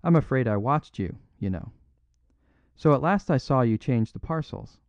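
A man voicing a modest little priest who explains things simply and with gentle apology. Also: mid-range voice, animated, moderate pace, no echo, muffled recording, voice pushed up, close to an everyday voice. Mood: mild apologetic.

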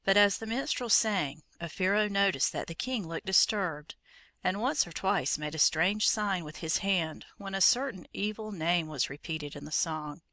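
Bright, dry storybook narrator. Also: mid-range voice, no room sound. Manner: steady, measured storytelling.

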